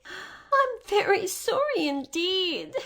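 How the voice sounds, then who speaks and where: A woman voicing an earnest little girl in a high, childlike voice. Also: lively intonation, slow pace, vocal fry, noisy background, exaggerated voice. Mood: frightened. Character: brave, indignant little girl.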